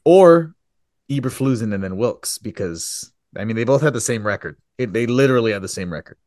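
A man with a mid-range voice co-hosts a casual podcast. He is chatty and thinks aloud, with sudden bursts of excitement. The recording is dry and close. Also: mid-range voice, brisk, no echo. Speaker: podcast co-host. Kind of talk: casual chat.

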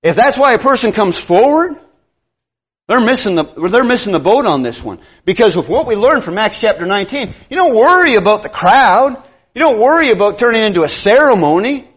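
A male preacher delivering a sermon in a high-pitched voice. He tells stories and acts out the people in them, with a very animated delivery that rises and falls. The recording is dull and lo-fi. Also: brisk, slightly rough. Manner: storytelling, acting out quoted voices.

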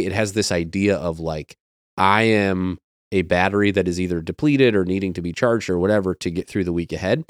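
Deep-voiced man, pastor on a podcast. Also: dry recording, clean studio sound. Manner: earnest and reflective, explaining with everyday metaphors. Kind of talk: casual podcast conversation.

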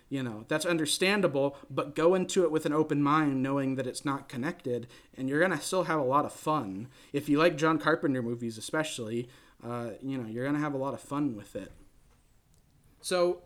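A man with a fairly high voice hosts a casual movie chat. He rambles with enthusiasm, piles up fillers and restarts, and keeps circling back to his point. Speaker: podcast host.

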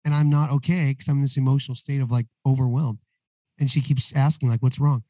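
A man with a hoarse voice, talking candidly as a guest in a casual podcast interview, telling a personal story. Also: mid-range voice, fairly even intonation, fast talker, warm tone, no room sound, low-quality recording. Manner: candid, storytelling, acts out dialogue. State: hoarse, voice recovering after losing it. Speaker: guest, recovery ministry co-founder.

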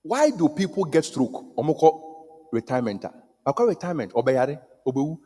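A man preaching a sermon, emphatic and repetitive, moving between loud declarations, hushed lines and bits of song. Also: fairly high pitch, big pitch swings, normal speed, slightly rough. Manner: emphatic, repetitive, swings from shouting to near whisper, breaks into song. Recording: echoey hall with long reverb.

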